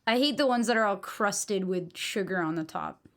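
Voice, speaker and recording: A woman's voice: medium pitch, expressive, moderate pace, fairly bright tone. A young woman from New England chatting casually with her live stream audience, blunt and given to swearing.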